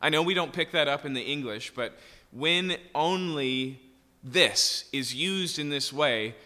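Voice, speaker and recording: A man's voice: fairly high pitch, measured pace, bright, forceful tone, in a large hall. A man preaching an expository sermon, reading scripture verses aloud and then explaining them with rising emphasis.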